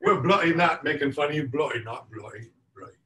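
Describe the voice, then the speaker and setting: A man's voice: medium pitch, very animated, normal speed, fairly bright tone. A man putting on a teasing, mocking accent, repeating the same word over and over. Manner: teasing, repetitive. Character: mocking man spouting "bloody" in a put-on accent. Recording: echoey, far from the mic, noisy line.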